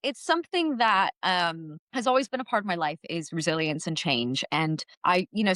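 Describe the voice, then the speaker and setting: A young woman in her late twenties talks as a podcast guest. Her voice sits on the lower side, and she chats in a loose, lively way, full of "like" and quick asides. The sound is dry and close, with no room echo. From California. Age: 20s. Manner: chatty, animated, many fillers and likes. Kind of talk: casual conversation.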